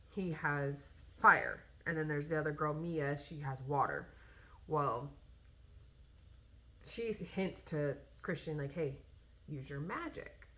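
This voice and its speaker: Low-voiced woman chatting about books. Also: pushed and bright. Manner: rambling, with many fillers and restarts. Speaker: vlogger talking about books. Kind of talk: casual chat.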